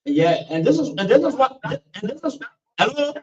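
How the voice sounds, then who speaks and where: A very high-pitched male radio host, pressing his points emphatically and leaning on "you know" as he takes callers. His voice sounds dull and set back from the mic, like a muffled broadcast. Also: big pitch swings, fairly quick, darkish tone. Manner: emphatic, repetitive, heavy use of "you know". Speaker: radio talk show host. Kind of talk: call-in political talk. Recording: dull, distant radio studio recording.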